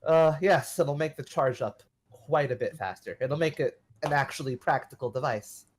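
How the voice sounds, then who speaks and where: A man's voice: medium pitch, normal speed, a little hiss or hum, lightly acted. A man voicing a weary male official who hedges with sighs and filler sounds. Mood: evasive. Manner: hesitant, full of uhs and sighs.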